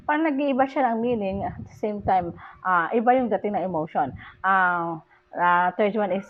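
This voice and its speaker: A woman teacher with a Filipino accent giving a lecture, switching languages and reading example sentences aloud with hesitant fillers. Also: mid-range voice. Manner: switches between English and Tagalog, reads example sentences aloud; slow, deliberate delivery with hesitant fillers. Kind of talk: classroom lecture. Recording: dull lo-fi recording.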